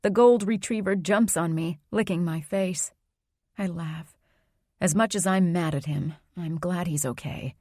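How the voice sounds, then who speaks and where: A woman reading a first-person audiobook in an even, measured narration. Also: fairly low pitch, no room sound, clean studio sound.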